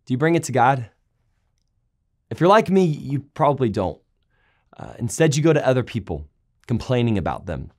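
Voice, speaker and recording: A pastor preaching a sermon, retelling scripture stories with lively, raised voices for the quoted complaints. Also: male voice, medium pitch, normal speed, long pauses. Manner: animated storytelling, raising voice for quoted complaints. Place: large church auditorium.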